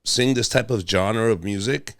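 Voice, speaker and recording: A man's voice: lowish voice, normal speed. A man hosting a podcast interview, joking and swearing, switching between English and Spanish. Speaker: podcast host, comedian. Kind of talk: casual interview chat.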